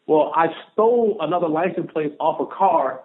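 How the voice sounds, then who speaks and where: A man in his thirties, a guest on a podcast, telling a personal story in an animated way and acting out the voices of the people in it. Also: a little high, normal speed. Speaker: podcast guest, former pro football player. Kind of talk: storytelling in an interview. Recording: narrow phone-like sound.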